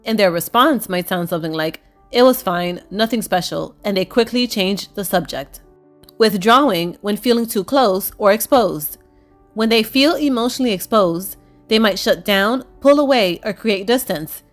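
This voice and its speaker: A woman narrates relationship advice from a script at an ordinary mid pitch. Her delivery is measured and explanatory. Faint music plays softly behind her voice. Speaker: relationship coach.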